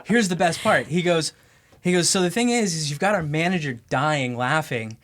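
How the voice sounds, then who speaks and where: A man's voice: a little high, moderate pace, a bit bright. A man co-hosting a podcast, telling a long funny story in casual chat, laughing often. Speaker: podcast co-host.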